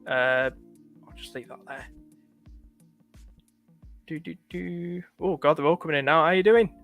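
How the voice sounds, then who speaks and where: A man from the north of England talks casually on a live stream, his northern accent light. His voice sits a little high, and he keeps thanking viewers, with many fillers and restarts. Faint music plays in the background. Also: unhurried, fairly bright tone. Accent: northern English, light. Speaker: livestream host.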